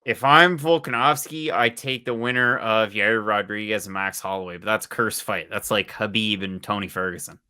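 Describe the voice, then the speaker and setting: A man co-hosting a casual sports podcast, steering the talk with quick, steady questions and opinions. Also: lowish voice, clear, resonant tone. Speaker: podcast co-host.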